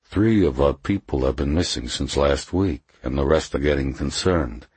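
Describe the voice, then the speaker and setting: A male narrator voicing a calm FBI agent who speaks in a measured, deliberately casual way. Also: very deep voice, slightly rough, no room sound.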